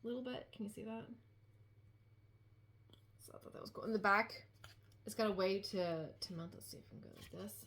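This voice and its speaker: A woman's voice: medium pitch, fairly quick, pauses often, fairly bright tone. Woman vlogger, casual and rambling, chatting at home about thrift finds. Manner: chatty, rambling, frequent "like" and restarts. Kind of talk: casual chat. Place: home dining room.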